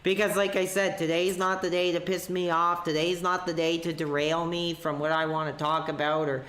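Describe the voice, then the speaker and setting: A man's voice: a little high, little pitch movement, a bit bright, reverberant. A sick male streamer hosting a live call-in show, agitated and ranting. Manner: agitated, ranting, quick to curse. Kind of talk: livestream rant and call-in chat.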